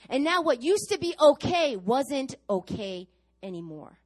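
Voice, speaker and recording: A woman's voice: sits high, measured pace. A middle-aged woman pastor preaching a sermon, telling stories to her congregation and acting out the people she quotes. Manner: animated storytelling to a congregation, acting out quoted voices.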